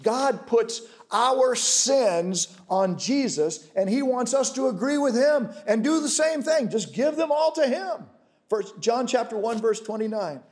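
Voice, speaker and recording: A man delivers a sermon in a high, light voice. He preaches with emphatic declarations. Then he drops to a quiet, intimate storytelling tone. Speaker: pastor.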